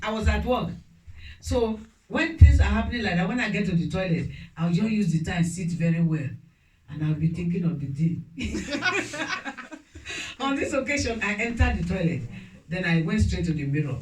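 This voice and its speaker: A woman's voice: medium pitch, big pitch swings, normal speed, a little mellow. A woman preacher giving a chatty sermon, telling stories about herself and often laughing. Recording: echoey room, distant mic, faint noise.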